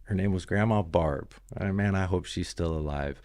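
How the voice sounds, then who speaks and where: A man's voice: low-pitched, moderate pace, darkish tone, no room sound, studio quality. A man guesting on a podcast, telling his story in a loose, rambling way full of "you know" and "man". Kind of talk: casual storytelling interview.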